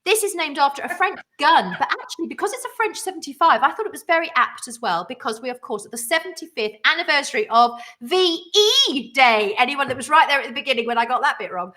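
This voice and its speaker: Bubbly high-voiced woman. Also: expressive, fast, hardly any pauses, pushed and bright. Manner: bubbly, rambling, self-mocking. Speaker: co-host of a gin cocktail livestream. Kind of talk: casual chat while mixing cocktails.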